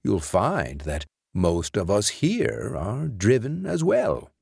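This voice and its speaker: A man voicing a courteous old grandfather who speaks slowly and formally. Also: fairly low pitch, wildly swooping pitch, vocal fry, a little mellow, breathy edge, no room sound, studio quality, exaggerated voice. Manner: slow, gracious, formal.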